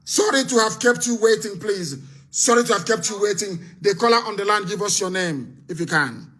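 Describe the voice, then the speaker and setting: A man hosting a live call-in, his voice pitched high and bright. He speaks in a fiery, rousing way, scornful at times and rising into shouts. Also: fairly quick. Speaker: host of a live call-in broadcast.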